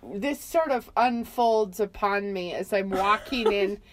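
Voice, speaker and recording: A middle-aged woman co-hosting a podcast, telling a comic story in a casual, animated way with bursts of laughter. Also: mid-range voice, takes it slowly, background noise. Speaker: podcast co-host.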